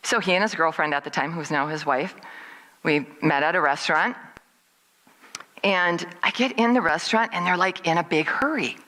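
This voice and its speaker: A middle-aged woman speaking at a service, telling a personal story in a lively way and acting out what people said with big jumps in pitch. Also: moderate pace, poor audio.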